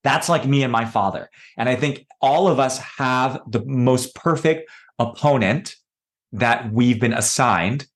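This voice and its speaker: A man with a medium-pitched, slightly slow voice appears as a podcast guest, reflectively sharing personal stories in a conversational way. He is thoughtful and acts out the voices of the people he quotes.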